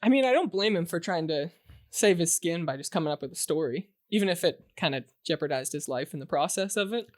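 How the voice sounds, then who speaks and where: A man's voice: on the high side, animated, fairly quick. A young man from Canada co-hosting a podcast, talking casually and filling gaps with "like". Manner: easygoing, lots of "like" and "yeah". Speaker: podcast co-host. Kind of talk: casual chat.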